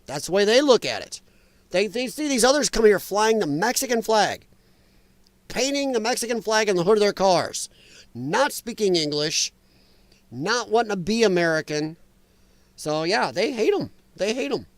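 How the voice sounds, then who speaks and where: A man hosting a live talk stream, chatting casually and bluntly as he reads and answers viewer comments, animated and quick to laugh. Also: high-pitched, no room sound. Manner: animated, blunt and opinionated, laughs and talks back to chat. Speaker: livestream talk show host.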